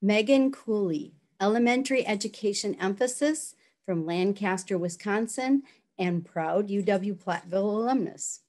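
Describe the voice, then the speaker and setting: A woman giving a formal, measured commencement address and reading out the names of graduates. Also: medium pitch, darkish tone. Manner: measured, congratulatory. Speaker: education program speaker.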